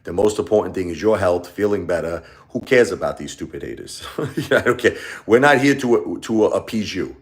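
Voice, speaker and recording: A man's voice: low voice, animated, a little fast. A man hosting a casual live stream, talking in a rambling, repetitive way and lashing out at his critics.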